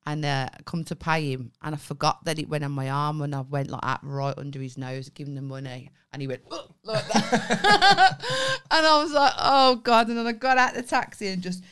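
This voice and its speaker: Low-voiced young Liverpudlian woman telling stories. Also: fairly quick, few pauses, fairly bright tone, clean tone. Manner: chatty storyteller, swears freely. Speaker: podcast co-host. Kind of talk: casual banter podcast.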